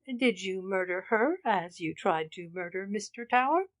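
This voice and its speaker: A woman's voice: mid-range voice, expressive, moderate pace, lightly acted. A woman reading the part of a young orphan woman who defies her captors in a hysterical outpouring. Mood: defiant. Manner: defiant, hysterical.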